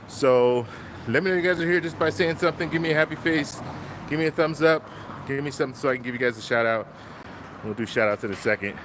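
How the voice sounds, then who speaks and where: A man's voice: mid-range voice, background noise. A man hosting a walking live stream, chatting and greeting viewers by name, a little out of breath. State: slightly out of breath. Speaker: travel vlogger. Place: outdoors on city streets.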